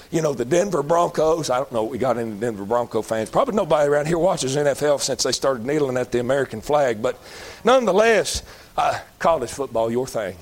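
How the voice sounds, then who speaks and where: A middle-aged Baptist preacher, preaching a folksy sermon that climbs into shouted emphasis. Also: male voice, medium pitch.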